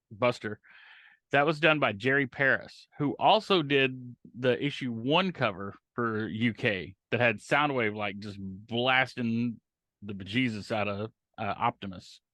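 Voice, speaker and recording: A man's voice: mid-range voice, a little slow, bright, forceful tone, dry recording. A man co-hosting a casual podcast chat, trading dry jokes and facts. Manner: dry jokes, laughs at banter. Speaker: podcast co-host.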